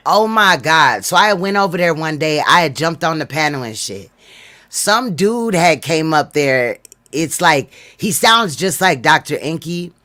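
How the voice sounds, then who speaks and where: Bright-voiced man in casual chat. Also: a little high, animated, measured pace. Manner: loose, laughing, slangy storytelling.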